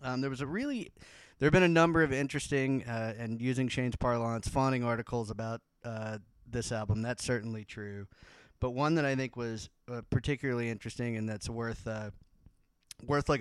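A man hosts a casual music podcast, wandering through his thoughts with lots of "like" and restarts. His voice is smooth and resonant. The sound is dry and close, with no room around it. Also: medium pitch, no room sound. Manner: rambling, full of "like" and restarts. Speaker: podcast host.

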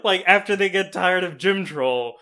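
A man's voice: high-pitched, moderate pace, sharp tone. A man co-hosting a comedy podcast, eager and rambling, often laughing. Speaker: podcast co-host. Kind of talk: improvised comedy chat.

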